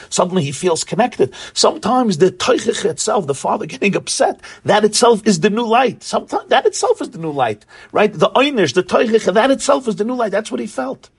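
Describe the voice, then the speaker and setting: Husky high-voiced male Torah teacher. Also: expressive, brisk. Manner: earnest, searching for words, acts out quoted voices. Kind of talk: Torah class lecture.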